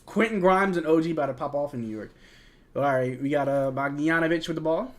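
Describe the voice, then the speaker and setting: A young man with a slightly high voice hosts a live fan stream. He calls the plays loosely and chats back to his viewers in a relaxed, joking way, tossing in bits of trash talk. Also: brisk. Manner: chatty, reads and answers chat, jokes and trash talk. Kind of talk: casual live game watch-along commentary.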